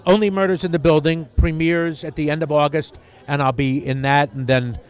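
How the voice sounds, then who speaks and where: A male actor giving a red-carpet interview, wry and rambling with halting restarts. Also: fairly high pitch, steady tone, clean tone. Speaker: actor and board member.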